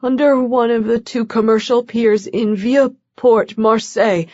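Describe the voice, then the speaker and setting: A woman's voice: fairly high pitch, fairly even intonation, unhurried, a little mellow, no room sound. A weakened man gasps out urgent pleas in a thin, raised voice, as a woman reads him. His voice is weak and breathless, and the dry, muffled recording has no room sound. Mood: frantic. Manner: urgent, pleading. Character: frantic weakened man pleading for help. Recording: dull, dry lo-fi audio.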